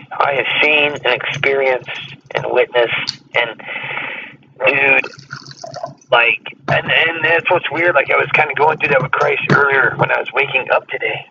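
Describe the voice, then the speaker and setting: A man's voice: mid-range voice, creaky, pushed and bright. A man talking in a casual chat, boastful and profane, rambling with many fillers. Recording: distant, dull lo-fi mic with faint noise.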